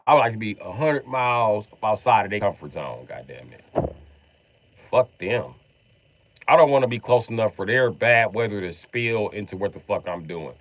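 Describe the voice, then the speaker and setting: A man from Illinois ranting on a livestream in a profane, exasperated, comedic way, acting out quick mock quotes. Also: on the low side, no room sound.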